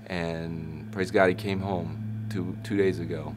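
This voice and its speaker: A man in his thirties, a Christian hip hop artist, telling a personal story in an interview with animated shifts as he acts out what people said. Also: low voice, normal speed, over music. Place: backstage at a concert.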